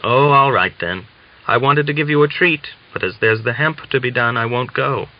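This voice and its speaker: A man's voice: mid-range voice, normal speed, voice pushed up, close to an everyday voice. A man voicing a bold young village man who wheedles and coaxes, in a dull lo-fi audiobook recording. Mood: wheedling. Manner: wheedling, then impatient.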